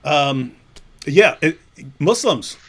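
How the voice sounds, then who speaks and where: Brief: high-pitched man, livestream host, mocking, goading, laughing through his taunts. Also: animated, very slow, fairly bright tone, slightly rough. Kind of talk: provocative livestream chat.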